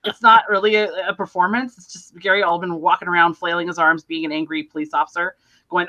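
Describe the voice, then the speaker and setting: A woman co-hosting a podcast, retelling a film plot in a rambling, animated way and acting out the lines. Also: on the low side, fast talker, dull audio. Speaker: podcast co-host. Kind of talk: casual film discussion.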